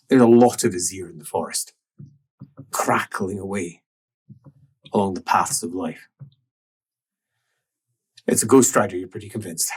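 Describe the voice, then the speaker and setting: A man narrating a tabletop role-playing game as game master, in a musing way that drops to soft murmurs. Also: deep voice, husky.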